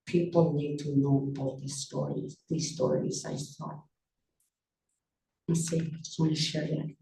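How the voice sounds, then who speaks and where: A woman on a book launch panel telling a personal story, soft-spoken and unhurried, with many pauses. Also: low-pitched, flat delivery, gravelly. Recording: roomy sound from a distance, faint noise.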